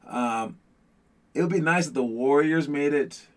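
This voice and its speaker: An unhurried man with a fairly high voice chats loosely through his basketball show. His talk wanders, full of restarts and filler words, and he keeps addressing viewers as guys.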